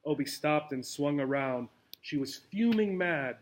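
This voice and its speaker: A man's voice: fairly high pitch, animated, unhurried. Man reading a children's book aloud. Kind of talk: storybook read-aloud.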